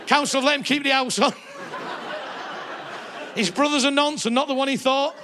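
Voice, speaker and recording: A man's voice: very high-pitched, steady tone, moderate pace, a crowd in the background, background noise. A male stand-up comedian, swearing and mocking in a live comedy set in a theatre. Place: theatre stage before a live audience.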